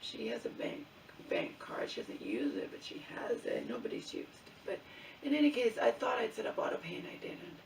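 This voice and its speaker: This middle-aged woman vlogger has a high, gravelly voice whose pitch swoops wildly as she tells an angry story at normal speed. Swearing is constant, and she peppers it with "okay?" and "you know?". She's captured by a distant mic in an echoey room, with faint noise behind her.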